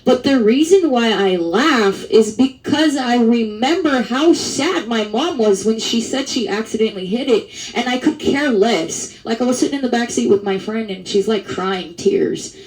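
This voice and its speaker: A woman's voice: on the high side, animated, moderate pace, few pauses, a little mellow, low-quality recording. Rambling, blunt woman vlogger. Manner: rambling, with many restarts and fillers; blunt and profane. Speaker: advocacy vlogger. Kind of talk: casual monologue to camera.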